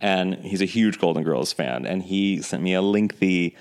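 A man with a very low voice chatting loosely on a podcast. He rambles, cuts himself off and starts over, and laughs easily as he talks through a TV episode. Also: normal speed, darkish tone. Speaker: podcast co-host. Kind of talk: casual chat.

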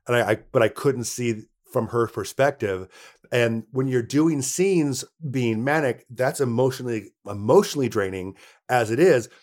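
An actor guest with a darkish, mid-range voice talks at normal speed in a relaxed interview, recounting on-set stories and acting out what others told him.

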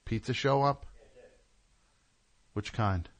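A man's voice: medium pitch, slow. A man hosting a call-in radio show, talking in a sardonic, rambling, mock-indignant way. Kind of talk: casual call-in radio talk.

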